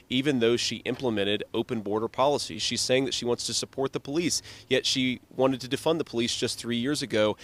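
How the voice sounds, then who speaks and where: A man in a TV news interview, answering firmly and insistently as a politician. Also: medium pitch. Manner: firm, insistent.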